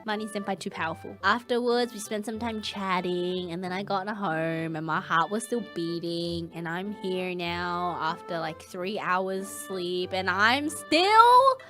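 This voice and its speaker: A woman streamer chatting casually, recounting a story in an excitable, animated way. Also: on the low side, measured pace, hardly any pauses, faint music behind.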